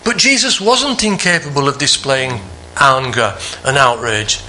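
Man, preaching a sermon, earnest, bright tense voice, faint background hum. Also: a little slow. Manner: earnest, rises in pitch for emphasis, drops soft on quieter phrases.

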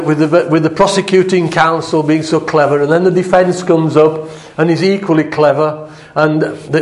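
A man's voice: fairly high pitch, darkish tone, reverberant. A man preaching a sermon in a conversational way, acting out the quoted speech of God with a raised voice.

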